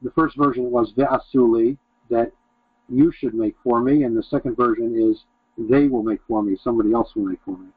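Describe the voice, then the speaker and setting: A man's voice: medium pitch, fairly even intonation, moderate pace, breathy edge, no room sound, phone-quality sound. Brief: male teacher reading and glossing an old text line by line, dry, phone-thin sound. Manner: reads Aramaic phrases then translates them in short bursts. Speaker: Talmud teacher. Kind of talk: reading and explaining a text aloud.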